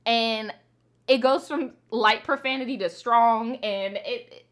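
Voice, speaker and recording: Bright, animated storytime host woman. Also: a little high, slow. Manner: animated, profane, laughing reactions. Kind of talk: casual storytime commentary.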